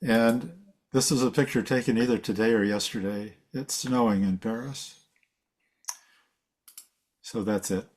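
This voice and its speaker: A man's voice: medium pitch, measured pace, long pauses, darkish tone. A man giving a casual slide talk at a seminar, rambling and correcting himself as he goes. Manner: rambling, self-correcting, chuckles. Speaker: seminar presenter.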